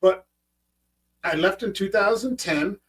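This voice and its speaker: Fifty-something male host, high voice a little far from the mic, swears freely while telling stories. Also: unhurried, fairly bright tone. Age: 50s. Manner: profane, storytelling, acts out his own past remarks. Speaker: podcast host. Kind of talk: casual interview chat.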